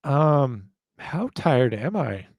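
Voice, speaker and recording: Gravelly-voiced man rambling casually. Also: medium pitch, big pitch swings, extremely slow, a little mellow, no room sound. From northern United States. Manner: rambling, self-deprecating, laughs at himself. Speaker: podcast host. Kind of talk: casual chat.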